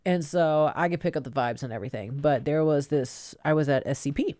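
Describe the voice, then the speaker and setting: A woman's voice: low voice, fairly quick, dry recording. A woman, a podcast co-host and pro wrestler, telling stories in a casual studio chat and laughing often as she talks. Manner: animated storyteller who laughs often.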